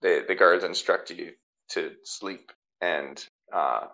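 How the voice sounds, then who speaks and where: A man narrating as game master for a tabletop game, halting often with fillers and restarts. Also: low-pitched, creaky, bright, forceful tone, lo-fi sound.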